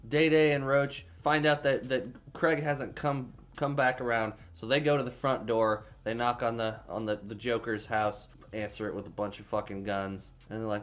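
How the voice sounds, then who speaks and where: A man's voice: fairly low pitch, steady tone, normal speed, few pauses, soft background music. A man casually recapping a movie plot, rambling with frequent restarts and plenty of swearing. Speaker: movie reviewer.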